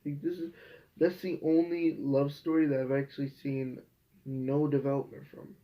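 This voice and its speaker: A man's voice: medium pitch, steady tone, normal speed. A young man hosting a casual review show, ranting in an exasperated, profane way. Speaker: host. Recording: dull lo-fi home recording.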